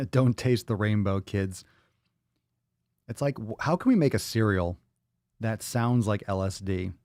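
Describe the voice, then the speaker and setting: Guy hosting a podcast, swears a lot, laughs at his own jokes, lowish voice, dry sound. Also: a little slow, long pauses, darkish tone, dry recording. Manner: profane, laughing, jokey. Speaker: podcast host. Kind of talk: crude casual chat reading viewer comments. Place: small room at home.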